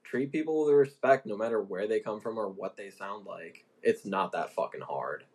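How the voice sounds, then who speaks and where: A man casually interviewing his fiancé on a podcast, relaxed and easygoing, often pausing with ums. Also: on the low side. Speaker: co-host asking questions, host's fiancé. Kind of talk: casual chat.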